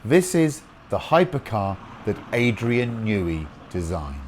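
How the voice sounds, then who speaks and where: With a lowish, sing-song voice at a measured pace, a man hosting a car review chats and pokes fun at himself while driving. The audio, from inside a car and on a town street, carries loud background noise from the car and traffic.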